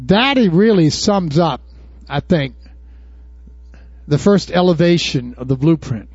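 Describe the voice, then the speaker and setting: A high-voiced male pastor preaching in a lively, swooping, folksy style and peppering the congregation with rhetorical questions. The recording is dull and lo-fi, with a dry, close sound. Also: breathy edge, dry recording. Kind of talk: sermon.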